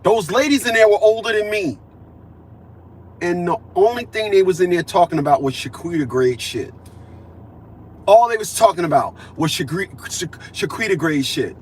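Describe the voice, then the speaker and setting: At normal speed, a man in his fifties vlogs in an expressive, high-pitched voice with a breathy edge. His casual monologue is emphatic and repetitive, and he acts out conversations he's been part of.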